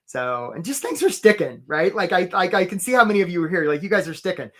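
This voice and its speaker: A man leads a live online career workshop and speaks in a fairly high, bright-sounding voice. He is animated and chatty, calls out attendees by name, and slips into quick playful voices to act out his points. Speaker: career coach hosting a live webinar. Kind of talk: energetic webinar presentation.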